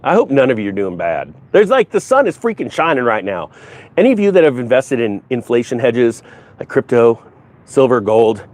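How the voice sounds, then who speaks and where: A man's voice: mid-range voice, sing-song, normal speed, a little mellow. A middle-aged man hosting a casual finance commentary, chatting to viewers in a rambling, jokey way that jumps between topics. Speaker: finance YouTuber host. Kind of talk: casual commentary to a live chat.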